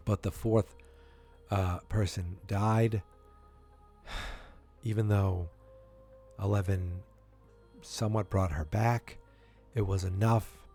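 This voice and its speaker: A man's voice: deep voice, mellow. A man hosting a solo podcast, speculating as a fan in a rambling, earnest way with many restarts. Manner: earnest, fannish enthusiasm. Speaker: podcast host.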